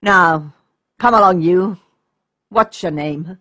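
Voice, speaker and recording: A woman doing a gruff, grumbling forester. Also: lowish voice, slow pace, pushed and bright, no room sound, studio quality, voice pushed down, exaggerated voice. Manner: grumbling, scolding. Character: forester Ivan, a gruff grumbling older man.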